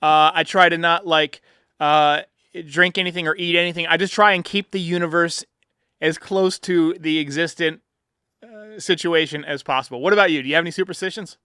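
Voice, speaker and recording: Male sports podcast host, smooth clear voice, animated storyteller. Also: fairly high pitch, brisk, dry recording, studio quality. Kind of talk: casual sports chat.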